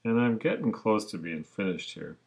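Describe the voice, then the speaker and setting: A man, a teacher, narrating a screencast tutorial in a relaxed way, talking through each step as he clicks. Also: fairly low pitch, normal speed, gravelly, breathy edge.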